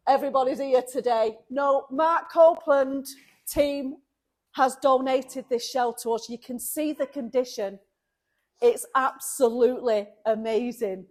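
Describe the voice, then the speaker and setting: A woman runs a car restoration vlog, talking to camera in an easygoing way with a slightly high voice. Emotional and warm, she laughs a lot and keeps thanking people kindly.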